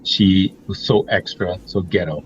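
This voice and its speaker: A man's voice: deep voice, fairly even intonation, unhurried, muffled recording, a little hiss or hum. A middle-aged man co-hosting a reaction talk, emphatic and blunt, laying out his points one by one. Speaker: co-host. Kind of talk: opinionated reaction commentary.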